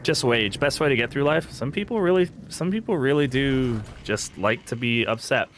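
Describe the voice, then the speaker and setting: A young English-born man streaming a game, chatting casually in a rambling, swearing, animated way. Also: medium pitch, normal speed, slight background noise. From England. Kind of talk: casual live-stream chat while gaming.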